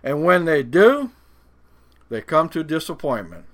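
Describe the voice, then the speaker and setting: Very animated and a little high in pitch, he preaches folksily. Mocking doubters in a put-on voice, he slows down with dramatic pauses to underline the verses he reads.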